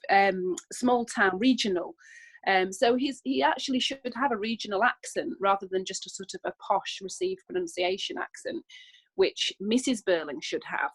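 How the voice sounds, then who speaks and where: A British woman, an English teacher, explaining a play in a relaxed lesson with many ums and self-corrections. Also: medium pitch, poor audio. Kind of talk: recorded online lesson discussion.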